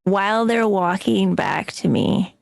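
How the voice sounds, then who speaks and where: A woman's voice: mid-range voice, steady tone, slow pace, creaky, dry recording. A woman playing a tabletop game, casual and dry. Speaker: player.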